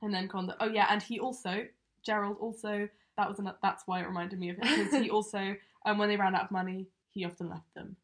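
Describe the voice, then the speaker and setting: A woman co-hosts a true-crime podcast and walks through the case in casual, rambling chat. Her voice sits at an ordinary middle pitch, and she fills her talk with little fillers as she goes. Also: level tone, fast talker. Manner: chatty, many fillers like um and you know. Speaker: podcast co-host presenting the case.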